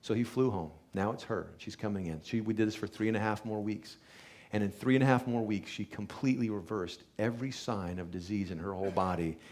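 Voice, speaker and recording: Briskly, in a fairly low and a little mellow voice, a chiropractor tells an audience a patient's recovery story. He's earnest throughout and acts out the dialogue.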